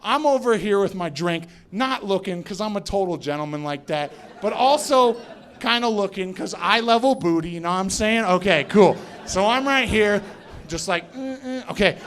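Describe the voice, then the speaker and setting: A male stand-up comedian from Colorado telling a story on a club stage, acting out quotes with animated bursts and shouts. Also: sits high, normal speed. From Colorado, USA. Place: comedy club stage before a live audience.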